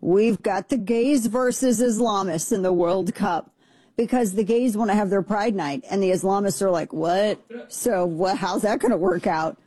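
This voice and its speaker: Talk radio host, male, husky dark tone, dry studio sound, joking and incredulous. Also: high voice, moderate pace, dry recording. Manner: incredulous, joking, rambling with restarts. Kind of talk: casual talk radio commentary.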